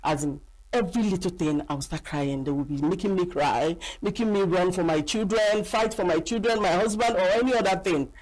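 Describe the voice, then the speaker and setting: A middle-aged Nigerian woman, an actress, chatting in an interview and telling animated stories with acted-out quotes. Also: lowish voice, a little fast. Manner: animated storyteller acting out quoted voices. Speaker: actress and guest. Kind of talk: casual interview chat.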